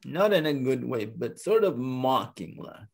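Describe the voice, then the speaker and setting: A man telling a traditional animal story in an unhurried, conversational way. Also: mid-range voice, expressive, gravelly, husky. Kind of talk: oral storytelling.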